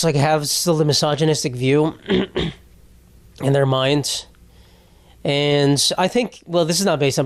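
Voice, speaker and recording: A man's voice: on the high side, dry recording. A young man in his twenties hosting a podcast, delivering a rambling, profane comedic monologue. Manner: rambling and profane, with frequent restarts. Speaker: podcast host.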